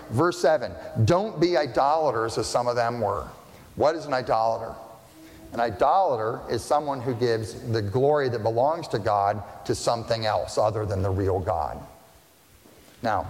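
Man, pastor, conversational sermon, medium pitch, long hall reverb. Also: a little mellow. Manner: conversational preaching with frequent "right?" checks. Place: church sanctuary.

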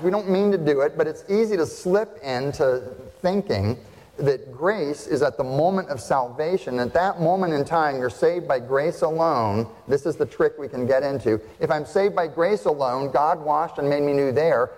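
A man's voice: a little high, moderate pace, a little mellow, big-room sound. A male pastor preaching a sermon, pressing the congregation with rhetorical questions and repeating key phrases for emphasis.

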